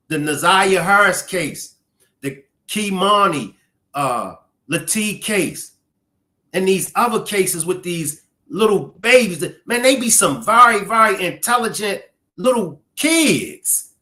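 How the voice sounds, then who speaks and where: Male live stream host, emotional commentary, bright high-leaning voice, AAVE speech. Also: expressive, slow. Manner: emotional, reacting to clips and chat.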